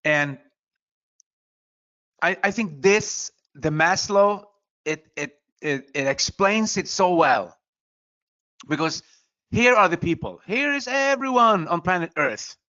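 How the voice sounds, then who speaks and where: A man with a high, bright voice gives an earnest motivational talk. He presses his points and keeps tossing in "you know" asides. The recording sounds slightly dull and lo-fi. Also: very animated, slow, pauses often. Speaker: motivational speaker.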